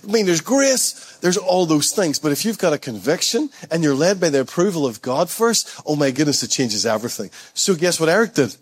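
A man preaching a sermon to his church, telling stories conversationally and building to excited, rising peaks while calling out to the congregation. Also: high-pitched, fairly quick, few pauses. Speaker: pastor.

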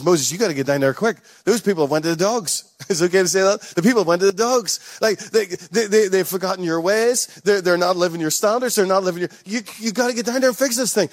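A man's voice: high-pitched, no room sound, studio quality. A man preaching a sermon to his church with emphatic, repeated rallying calls. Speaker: pastor.

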